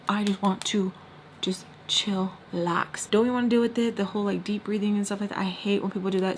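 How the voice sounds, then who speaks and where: A woman vlogger telling a personal story to her viewers in a casual, expressive way, with quick asides and some lines dropped to a whisper. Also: mid-range voice. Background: faint heater hum.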